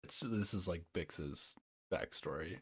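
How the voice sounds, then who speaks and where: This podcast co-host has a low, slightly rough voice and speaks slowly. In casual chat he hedges constantly, sounds unsure of himself, and says "I don't know" again and again.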